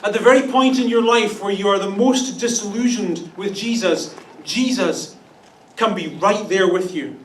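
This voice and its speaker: Pastor, man, high register, wry comic sermon, distant mic in a roomy hall. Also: moderate pace. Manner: wry, playful asides with mock voices. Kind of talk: humorous Easter sermon. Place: church auditorium. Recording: echoey room, distant mic.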